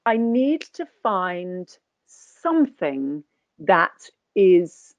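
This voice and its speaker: A woman's voice: fairly low pitch, big pitch swings, extremely slow, dry recording, dull audio. A woman guest actor speaking in a conversational webinar interview, thoughtful and anecdotal, often restarting her sentences. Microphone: video call.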